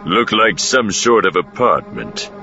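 A male narrator voicing a smug male pirate lackey who speaks archly and slowly. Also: low-pitched, sing-song, creaky, dull audio, over music, heavily acted. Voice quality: arch, drawling.

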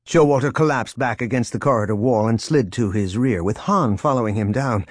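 A man narrating an audiobook in an expressive reading voice. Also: medium pitch, brisk, few pauses, no echo, clean studio sound.

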